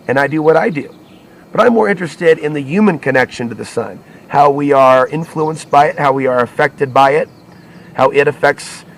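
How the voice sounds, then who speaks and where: A man talks alone to his audience in a loose, wandering monologue. He stops and corrects himself often, circling back to repeat and rephrase his points as he goes. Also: mid-range voice. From United States. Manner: rambling, restarts and self-corrections. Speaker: alternative media channel host. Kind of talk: solo monologue to camera.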